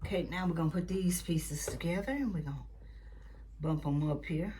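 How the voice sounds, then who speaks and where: Her voice is deep and her pace normal as this woman, who runs a quilting channel, wanders through family anecdotes while teaching a sewing lesson. She talks casually, occasionally muttering softly to herself, over a slight hiss or hum.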